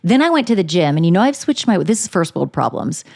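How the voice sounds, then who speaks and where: A woman with a somewhat low voice co-hosts a casual chat. She is candid and quick to laugh, and she swears freely as she talks. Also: sing-song, vocal fry, a little mellow. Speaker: podcast co-host.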